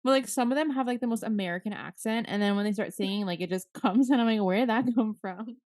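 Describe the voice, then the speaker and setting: A woman's voice: mid-range voice, quick pace, a little mellow, no echo, studio quality. A young woman in her twenties co-hosting a podcast, rambling casually with lots of "like". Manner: rambling, heavy use of "like". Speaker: podcast co-host. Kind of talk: casual chat.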